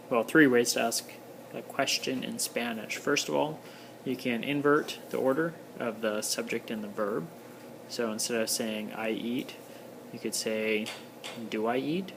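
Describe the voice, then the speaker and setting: A man's voice: mid-range voice, creaky, background noise. A man giving a casual recorded lesson, explaining step by step with many ums and uhs. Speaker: teacher.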